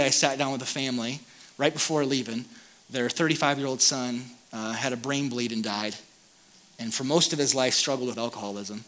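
A man's voice: mid-range voice, pushed and bright. A man in his thirties, a pastor giving a candid, self-deprecating talk to an audience. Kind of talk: conference talk.

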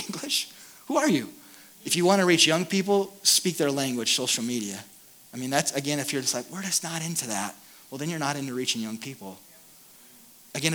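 A man's voice: medium pitch, sharp tone. A man in his thirties, a pastor giving a candid, self-deprecating talk to an audience. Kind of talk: conference talk.

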